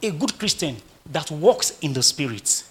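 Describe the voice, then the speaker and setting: A male pastor preaching a sermon, animated and full of rhetorical questions to his congregation. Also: a little high, unhurried.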